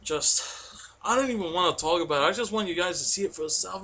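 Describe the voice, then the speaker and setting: A man giving an excitable, rambling spoken review, full of fillers and restarts. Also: high-pitched, fast talker. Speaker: wrestling reviewer.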